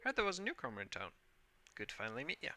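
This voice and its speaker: A man's voice: mid-range voice, huge pitch swings, very fast, bright, forceful tone, a little hiss or hum, exaggerated voice. A man voicing a jovial old male sailor and fisherman, talking in a hearty, folksy way.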